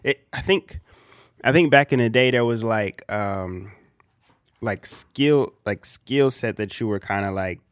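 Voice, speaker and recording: A man's voice: fairly low pitch, measured pace, no room sound. A man co-hosting a podcast, talking casually and reflectively with lots of fillers. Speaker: podcast co-host. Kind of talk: casual chat.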